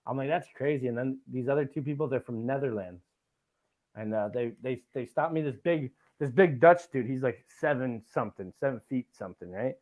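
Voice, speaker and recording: A man's voice: mid-range voice, fairly quick, a little mellow. A man hosting a casual podcast. He rambles, fills his talk with "like" and laughs often. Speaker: podcast host.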